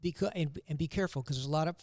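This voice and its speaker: A man's voice: a little high, rapid-fire, darkish tone, dry recording. An older man, a guest loan officer, telling joking, upbeat stories on a casual podcast.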